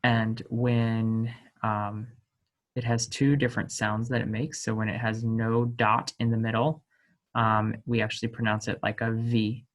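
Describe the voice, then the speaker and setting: A man gives an unscripted language lesson at a very slow, unhurried pace. He hesitates often and corrects himself as he goes. He sounds out each example with care, in a voice of middling pitch. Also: completely flat delivery. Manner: slow, hesitant, many ums and self-corrections; voices sample sounds with emphasis. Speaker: teacher.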